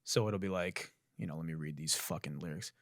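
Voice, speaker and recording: In this comedic commentary, a male podcast host riffs sarcastically on a song, swearing and mocking with animated glee. He has a musician's voice with an extremely low pitch and a fairly quick pace, recorded at studio quality without room sound.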